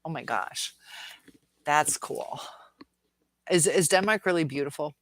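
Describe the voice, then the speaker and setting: A woman's voice: low-pitched, unhurried, dry recording. A woman from the Detroit area hosting a casual livestream at home, chatting with viewers, rambling with lots of fillers. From Detroit area, USA. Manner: rambling, chatty, many fillers, coos at her dog. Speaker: livestream host. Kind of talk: casual live chat reading viewer comments. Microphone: phone or webcam.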